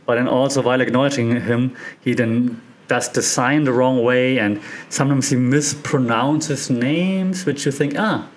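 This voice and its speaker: Excited male media professor. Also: medium pitch, moderate pace. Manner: excited, animated, laughs often. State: occasional cough. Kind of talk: enthusiastic commentary.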